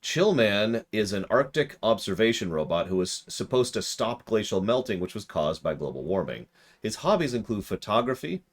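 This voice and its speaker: A man streaming a video game in casual commentary, rambling, breaking off mid-sentence and answering chat. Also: fairly low pitch.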